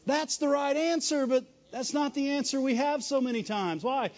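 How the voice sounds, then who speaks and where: A man with a strikingly high voice preaches a sermon with emphatic, animated delivery and frequent chuckles. The recording is dull and lo-fi. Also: moderate pace, hardly any pauses.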